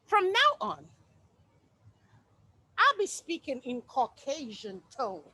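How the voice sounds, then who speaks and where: A stage monologue from a woman voicing an outspoken, sassy woman airing her grievances. The voice sits high and swoops widely, and the delivery is unhurried. She slips into mocking, exaggerated tones. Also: dry recording, exaggerated voice. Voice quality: expressive, mocking tone shifts. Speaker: stage actor performing a monologue. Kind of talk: theatrical monologue.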